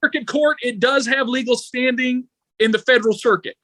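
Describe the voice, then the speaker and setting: A man's voice: very high voice, fairly quick, no room sound. A man co-hosting a podcast, telling stories in casual banter and acting out quotes with frequent laughter. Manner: laughing, animated storytelling with acted-out quotes. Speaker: podcast co-host.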